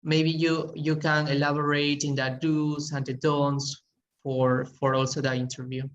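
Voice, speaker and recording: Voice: medium pitch, level tone, unhurried, muffled recording, slight background noise. An interviewer carefully posing a question to a guest.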